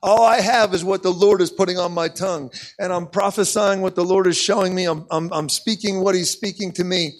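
A man's voice: high-pitched, steady tone, brisk, few pauses. A man preaching a sermon, telling a story with lots of repeated words and a frequent "okay?" to the listeners. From United States.

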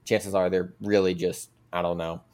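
A man's voice: low voice, little pitch movement, normal speed, a little mellow. A man speaking as a podcast guest, making a rambling, earnest case full of fillers. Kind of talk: casual conversational argument.

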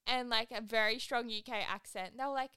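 A woman's voice: on the high side, steady tone, a little fast, bright, forceful tone, smooth, no echo. A young woman hosting a solo podcast. She chats and rambles casually, saying "like" constantly. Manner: chatty, rambling, heavy use of "like". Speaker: podcast host.

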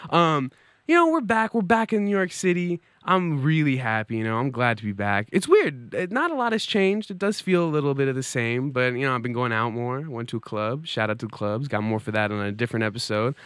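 Young male host, lively comic monologue, dry close sound. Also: medium pitch, brisk, smooth, dry recording. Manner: animated, joking, swings into put-on voices. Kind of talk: comedic monologue. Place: New York City.

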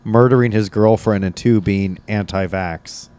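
A man's voice: on the low side, unhurried, mellow, clean tone. A man hosting a podcast in casual banter, crude and profane, tossing out provocative jokes. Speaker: podcast host.

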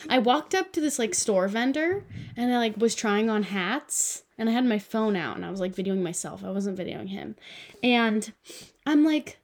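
Young woman telling an animated story. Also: fairly high pitch, normal speed. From United States. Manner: animated storyteller, acts out quoted voices. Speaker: podcast co-host. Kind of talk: casual chat.

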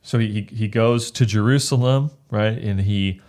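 A man's voice: on the low side, normal speed, a little mellow. A man, a pastor, talking through a book of the Bible in a casual discussion, earnest and often restarting his phrases as he reads verses aloud.

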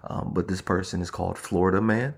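A man's voice: sits low, fairly even intonation, fairly quick, creaky. A man co-hosting a casual podcast chat, playfully reading out headlines and laughing easily. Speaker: podcast co-host.

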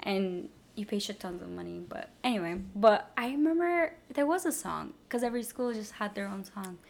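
A woman's voice: medium pitch, animated, moderate pace, gravelly. A woman chatting casually as a podcast guest, giggly, explaining things with many likes. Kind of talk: casual chat.

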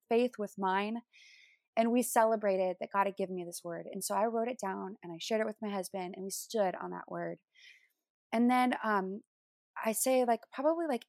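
A woman's voice: mid-range voice, no echo, clean studio sound. Earnest woman telling a personal testimony. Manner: earnest storytelling, acting out remembered dialogue. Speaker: worship leader, interview guest. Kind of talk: personal testimony in a podcast interview.

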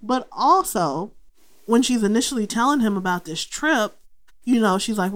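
A young adult woman with a fairly high voice talks through a movie on her podcast. Her delivery is loose and animated, and she swears freely as she jumps into the characters' lines to make her point. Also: normal speed. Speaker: podcast host. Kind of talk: casual movie recap podcast.

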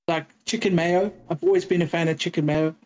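A woman's voice: lowish voice, steady tone, a little fast, a little mellow, dull audio. Chatty South African woman. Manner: chatty storyteller, acts out exchanges with quoted voices. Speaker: podcast guest. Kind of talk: casual interview chat.

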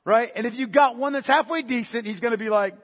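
A man's voice: extremely high pitch, fast, a bit bright, in a large hall. A man preaching a sermon as pastor, emphatic, repeating key phrases and asking rhetorical questions.

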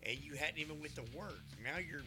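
A man hosting a podcast, retelling a story in a profane, animated way and quoting himself often. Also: on the high side, a little fast, noisy background. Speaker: podcast host. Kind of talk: casual storytelling chat.

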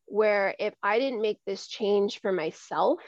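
A woman's voice: medium pitch, unhurried, dry recording. A woman in her forties talks openly as an interview guest, earnest and repeating words while she finds her way. Her voice is close and dry, with no room around it. The recording is dull and lo-fi. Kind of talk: candid conversational interview.

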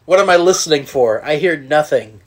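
A young man co-hosting a casual sports podcast, teasing his partner and quick to laugh. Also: a little high, expressive. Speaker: podcast co-host.

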